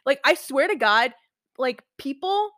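Bright-voiced young woman, rambling chat. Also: sits high, lively intonation, a little slow, no room sound, clean studio sound. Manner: rambling, heavy use of "like", frequent restarts. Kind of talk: casual chat.

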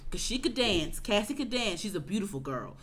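A woman co-hosting a casual podcast chat, rambling and animated, often restarting her sentences. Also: mid-range voice, fairly quick, a little hiss or hum. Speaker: podcast co-host.

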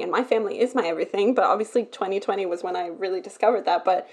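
A woman's voice: mid-range voice, fast, few pauses, a little mellow. A woman co-hosting a podcast in casual chat, open and chatty with lots of filler words. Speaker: podcast co-host.

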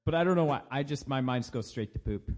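Quick-paced and animated, the American podcast co-host has a medium-pitched voice with a darkish tone. Joking around, he often does silly voices and breaks into laughter during the relaxed conversation.

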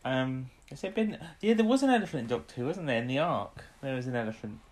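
A man's voice: medium pitch, expressive, quick pace. A man in casual conversation whose voice sits in the middle range. He chats easily, laughs often and slips into the characters' lines as he recaps what happened. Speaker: podcast co-host. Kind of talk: casual chat recapping an episode.

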